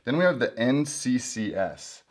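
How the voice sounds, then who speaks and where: A man's voice: medium pitch, big pitch swings, a little slow. A man hosting a casual book review video, chatting and joking as he flips through an old guidebook.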